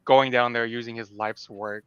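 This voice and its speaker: A man's voice: mid-range voice, fairly even intonation, moderate pace, a bit bright, clear, resonant tone, no room sound, highs cut off. A man co-hosting a podcast, talking earnestly and animatedly about a film, often restarting his sentences. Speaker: podcast co-host. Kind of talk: casual film discussion.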